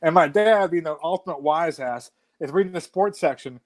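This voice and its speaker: A man in his forties telling a story in casual chat, animated and swearing freely. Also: a little high, moderate pace. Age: 40s.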